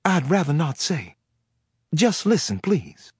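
A scared Southern woman, played by a man reading the story, speaks in a raised, husky voice. Her words come out halting and pleading, as if she is close to tears. The voice sounds dry and close, with nothing around it. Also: a little high, sing-song, dry recording, pitched above the performer's own voice, full character voice. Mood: fearful pleading. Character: frightened secretive Southern woman caller.

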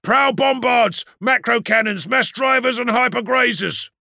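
Brief: a man playing an aggressive gunnery officer, raised pitch, lively delivery, dry close read. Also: extremely slow, vocal fry, no echo, heavily acted. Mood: urgent. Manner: snarling, urgent, eager to fire. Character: fierce male warship gunnery officer, aggressive.

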